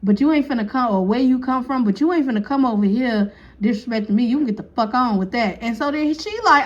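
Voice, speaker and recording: A woman's voice: fairly high pitch, quick pace, lo-fi sound. A woman telling a casual storytime, acting out each person's lines and laughing often. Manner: animated, acts out quotes, laughs often.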